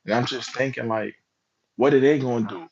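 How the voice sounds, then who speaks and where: A man's voice: medium pitch, brisk, lo-fi sound, a little hiss or hum. A man giving slangy, emphatic reaction commentary, often asking rhetorical questions. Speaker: commentary vlogger.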